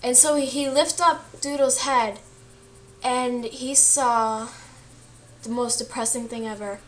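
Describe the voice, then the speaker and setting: A woman's voice: on the high side, fairly even intonation, takes it slowly, a bit bright. A young woman casually retelling a story she read, chatty and full of fillers, acting out the quoted lines. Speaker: student vlogger.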